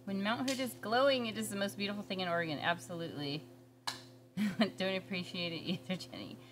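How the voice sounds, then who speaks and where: A woman's voice: medium pitch, fairly quick. A woman co-hosting an art tutorial, reading viewer comments and chatting with a teasing, giggly manner. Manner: giggly, teasing, laughs often. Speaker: co-host reading viewer chat. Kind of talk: casual chat on an art stream.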